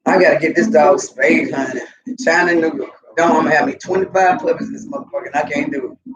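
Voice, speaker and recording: A woman telling animated, profane stories casually to her viewers, laughing often. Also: deep voice, fast talker, poor audio. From Southern US. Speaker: vlogger. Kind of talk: casual storytelling to camera.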